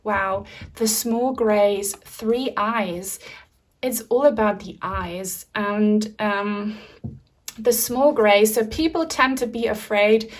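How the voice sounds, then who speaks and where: A woman's voice: mid-range voice, slow. A woman giving a pick-a-card tarot reading in a soothing, reassuring spiritual tone. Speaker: tarot reader.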